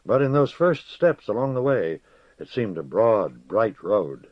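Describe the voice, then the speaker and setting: A man narrating an audiobook in a measured, steady storytelling manner, in a dull lo-fi recording. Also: on the low side, dry recording.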